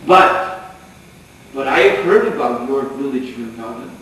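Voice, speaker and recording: A man's voice: mid-range voice, expressive, measured pace, a bit bright. A man voicing a haughty, snobbish young girl who speaks with lofty indignation. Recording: echoey hall, distant mic, faint noise.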